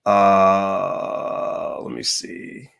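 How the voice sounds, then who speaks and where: A man's voice: deep voice, very slow, vocal fry, fairly bright tone, clear, resonant tone, highs cut off. Upbeat man hosting a livestream. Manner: upbeat, reads chat comments aloud, many fillers. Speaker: host answering viewer questions. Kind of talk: casual livestream Q&A.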